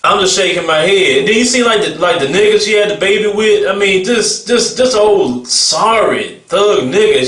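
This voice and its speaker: A man's voice: high voice, fairly bright tone, roomy sound, recorded from a distance. A man giving a casual vlog commentary rant, mocking and blunt, laughing between remarks. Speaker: vlogger.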